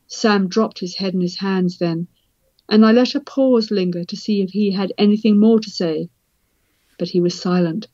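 Woman from Britain, author reading aloud, measured and reflective, dry close sound, dull lo-fi recording. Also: mid-range voice, mellow, no echo. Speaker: author and forensic psychiatrist. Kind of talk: reading from her book.

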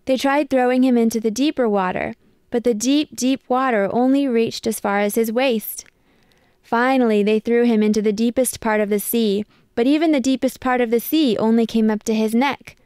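A woman reads a picture book aloud in a measured, expressive way. Her voice is a little high, gravelly yet smooth, and recorded close and dry. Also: no room sound. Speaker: storybook reader.

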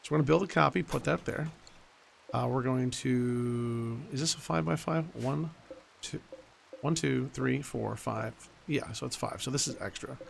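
A man's voice: mid-range voice, moderate pace, gravelly, a little hiss or hum. A man in his forties giving casual let's-play commentary, blunt and rambling, swearing freely. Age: 40s. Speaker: gaming YouTuber.

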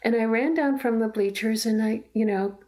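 A woman's voice: a little high, mellow. A middle-aged woman, a mother, speaking earnestly and reflectively in a documentary interview at home. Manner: earnest, halting, reflective storytelling. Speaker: mother telling her story. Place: in her own home.

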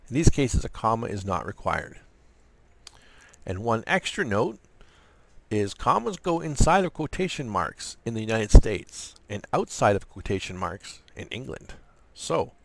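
A man's voice: fairly low pitch, gravelly. A man hosting a casual grammar lesson, chatty with self-deprecating asides. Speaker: writing channel host.

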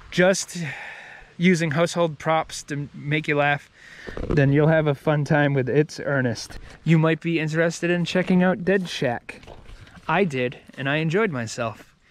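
A man's voice: a little high, a bit bright, a little hiss or hum. A man giving a casual, rambling movie review, with many fillers and restarts.

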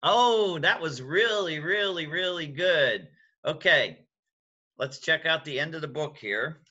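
A man's voice: fairly high pitch, takes it slowly, sharp tone, highs cut off. An older man, a grandfather, reading a bedtime story aloud to his grandchildren and playfully coaxing them to copy the sound effects.

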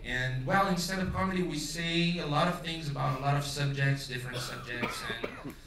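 A man's voice: on the high side, moderate pace. A Brazilian man from Rio de Janeiro with a carioca accent, speaking English as a second language and doing a loose, profane stand-up set on a theater stage. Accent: Brazilian Portuguese, carioca. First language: Portuguese. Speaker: stand-up comedian. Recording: roomy theater, distant mic, loud audience.

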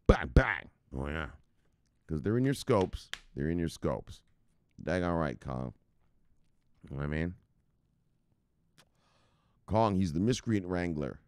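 A man hosting a crypto news stream, talking casually with slang and loud shout-outs, explaining things step by step. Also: deep voice, sing-song, slow pace, pauses often, no echo, studio quality. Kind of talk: casual livestream talk.

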